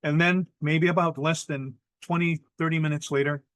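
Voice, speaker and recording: A middle-aged man with a Hawaiian accent, telling a traditional ghost story in lively spoken style, mixing in Hawaiian words and acting out voices. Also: a little high, normal speed, clean tone, dry recording. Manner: animated, acts out quoted voices, mixes in Hawaiian words. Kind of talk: oral storytelling.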